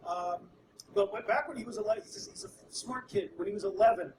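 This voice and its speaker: A middle-aged man performing stand-up on a live comedy stage, telling stories that end in deadpan punchlines. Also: high voice, quick pace. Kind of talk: stand-up routine. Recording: distant mic with room noise.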